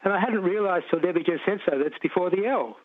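An Australian man calls in to a radio show over a tinny, narrow phone line. His voice sits a touch high for a man, and he talks in a chatty, rambling way, full of restarts. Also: fast. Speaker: caller. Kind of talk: radio call-in chat.

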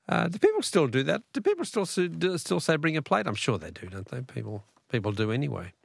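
A man's voice: a little high, sing-song, fairly quick, vocal fry, breathy edge, no echo, clean studio sound. A middle-aged Australian man hosting a radio talkback quiz in a chatty, chuckling way. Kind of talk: casual radio chat. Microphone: studio microphone.

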